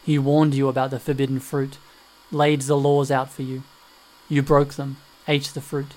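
A man voicing a cold, calculating male hacker who speaks in a flat, dismissive way in an audiobook reading. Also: medium pitch, normal speed, close to an everyday voice.

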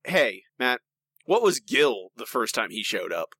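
A man co-hosting a podcast, chatting casually and opinionatedly while he circles back over his points. His voice is lively and bright, and the sound is dry. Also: medium pitch, unhurried, dry recording. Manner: animated, rambling, opinionated, with many restarts. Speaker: podcast co-host. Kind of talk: casual chat.

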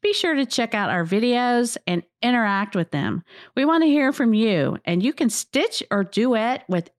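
Female co-host for book talk, higher voice, theatrical and exclamatory. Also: normal speed. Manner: animated, dramatic, exclaims often. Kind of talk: casual book chat.

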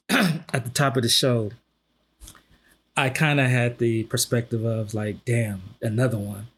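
A man with a husky, slightly breathy voice talks through his feelings on a casual podcast. He speaks in an earnest, halting way, restarting often. His pitch sits at a typical middle range for a man. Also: a little mellow. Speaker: podcast co-host. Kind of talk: casual discussion.

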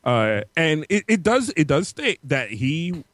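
A man's voice: fairly high pitch, sing-song, a little slow, a bit bright, no echo. A man hosting a casual podcast, loose and profane, often laughing as he talks.

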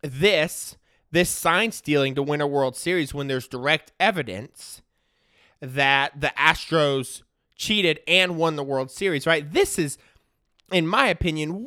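A man's voice: on the high side, a little slow, no room sound, studio quality. A man giving a casual, opinionated sports-talk rant, full of slang and "right?" tags. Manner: animated, slangy, peppered with "right?" and "dude"; opinionated, ranting. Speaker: sports commentator.

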